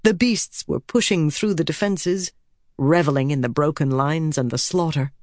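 A woman narrating a fantasy battle scene with steady storytelling delivery. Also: deep voice, moderate pace, no room sound, studio quality. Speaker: audiobook narrator. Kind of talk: scripted narration.

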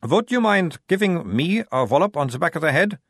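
A man's voice: fairly high pitch, very animated, brisk, a bit bright, husky, no echo, studio quality, voice pushed up, full character voice. A man voicing hapless male guards who speak in a sheepish, wheedling way.

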